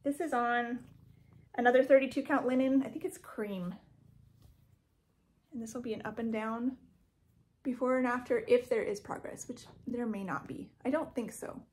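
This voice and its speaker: Her voice is fairly high and a little mellow, moving at a moderate pace with long pauses. She's vlogging a casual show-and-tell of her cross stitch work from her home craft room, rambling, saying um often and correcting herself. A little hiss or hum is present.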